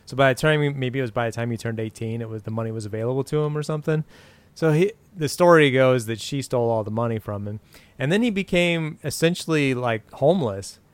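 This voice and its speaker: A man in his forties, chatting casually and rambling through old TV trivia. His voice is smooth and resonant, recorded dry and close with no room sound. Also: mid-range voice, quick pace, dry recording. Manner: rambling, recounts trivia with frequent fillers and restarts. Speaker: podcast co-host. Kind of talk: casual chat about an old TV show.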